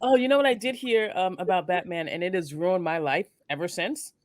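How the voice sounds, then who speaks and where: A woman's voice: fairly low pitch, a little fast, no room sound, clean studio sound. A young adult woman co-hosting a casual morning show, joking around with mock seriousness. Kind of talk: casual chat.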